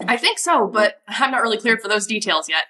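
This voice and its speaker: A woman's voice: medium pitch, big pitch swings, fairly quick, pushed and bright. A woman voicing an eager, spunky park office worker of about twenty in a tabletop role-playing game. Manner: spunky, upbeat, eager to please.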